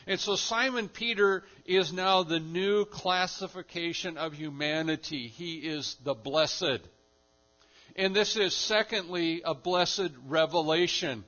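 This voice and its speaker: A man's voice: fairly high pitch, a little slow, bright, forceful tone, highs cut off. A man preaching a sermon in an emphatic style, often repeating and restarting his phrases. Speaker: pastor.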